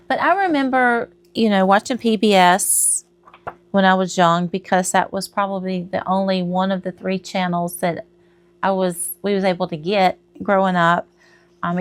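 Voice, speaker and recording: Slow, chatty woman. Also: mid-range voice, smooth. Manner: chatty, rambling, laughs at herself. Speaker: crochet vlogger. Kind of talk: casual chat to camera.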